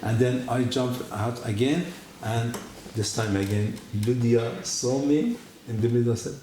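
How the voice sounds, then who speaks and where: Guy telling his testimony in a church, voice jumps high when he quotes people, echoey hall, bit of hiss. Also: unhurried. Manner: animated storytelling, acting out quotes with big pitch jumps. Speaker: guest giving a testimony. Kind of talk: personal testimony story.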